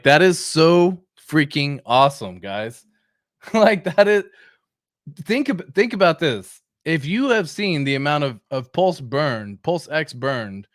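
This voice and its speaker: A man's voice: a little high, no room sound, studio quality. A young man hosting a casual crypto livestream, hyped and slangy, greeting viewers by name.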